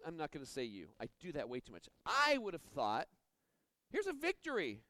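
High-voiced man preaching, dry close sound. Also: huge pitch swings, normal speed, sharp tone, dry recording, poor audio. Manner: earnest, stumbles and repeats words. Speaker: pastor. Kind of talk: sermon.

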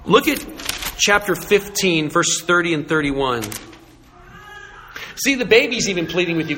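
Bright-voiced man preaching in an echoey hall. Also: high voice, expressive, unhurried, pauses often, slight background noise. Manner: conversational and emphatic, with humor. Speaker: pastor. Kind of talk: sermon. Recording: echoey hall with faint ambience.

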